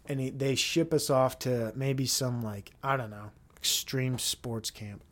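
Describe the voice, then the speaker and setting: A man's voice: mid-range voice, steady tone, moderate pace. A man hosting a solo podcast, rambling and joking with frequent profanity as he talks to himself. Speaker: podcast host.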